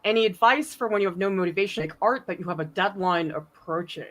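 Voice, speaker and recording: A woman art professor hosting a casual studio chat, animated and quick to laugh, reading out viewer questions. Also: mid-range voice. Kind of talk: casual chat while working.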